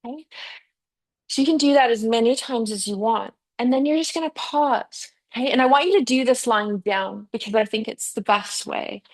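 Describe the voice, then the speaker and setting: A woman's voice: on the high side, normal speed. A woman teaching a yoga and fascia class. She guides and encourages her students in a chatty way, with frequent "yeah" and "okay". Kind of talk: guiding a live yoga class.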